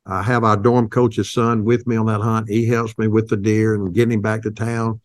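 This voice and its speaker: Older man, low voice, dry close sound, folksy interview storyteller, halting with restarts. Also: level tone, dry recording. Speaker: guest, company founder.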